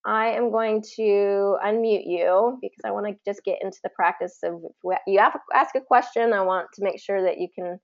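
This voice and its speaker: A woman teaching English pronunciation in a live online class, patiently demonstrating words slowly. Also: medium pitch, creaky, highs cut off. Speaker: pronunciation coach.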